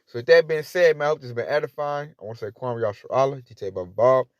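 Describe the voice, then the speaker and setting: A man's voice: mid-range voice, lively intonation, quick pace, no room sound. A man with a Southern US accent giving a casual, slang-heavy religious talk as a Hebrew Israelite preacher. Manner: colloquial and slangy, acts out quoted voices. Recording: dull, lo-fi, dry recording.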